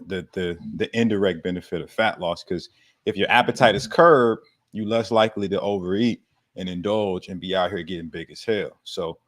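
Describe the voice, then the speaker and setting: Fitness guy on a live stream, lowish voice, slangy and joking around, cusses a lot. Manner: laid-back slangy banter, laughs often, swears casually. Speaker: fitness coach hosting a live Q&A. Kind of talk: casual livestream chat.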